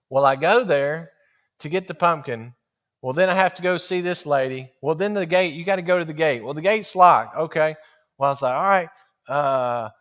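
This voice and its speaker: A man telling a folksy story from the pulpit. He speaks in a fairly high voice, acts out the dialogue and keeps the telling animated. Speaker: guest preacher. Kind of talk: storytelling sermon.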